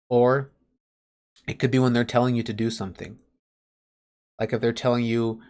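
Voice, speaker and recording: Man, teacher, patient, everyday examples, video call, mid-pitched. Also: steady tone, moderate pace, pauses often. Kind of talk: online class lesson.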